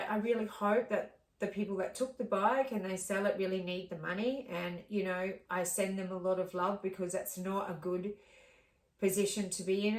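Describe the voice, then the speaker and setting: Woman vlogging, echoey room. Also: medium pitch. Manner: rambling and heartfelt, many fillers. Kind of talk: casual personal vlog. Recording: echoey room, distant mic.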